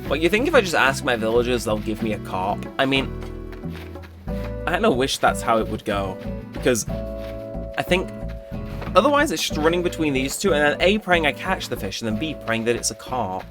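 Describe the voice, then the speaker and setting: A man's voice: sing-song, moderate pace, pauses often. Chatty young man over game music. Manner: chatty and joking, with sudden high-pitched exclamations. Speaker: gaming channel host. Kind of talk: casual gameplay commentary. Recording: game music playing behind.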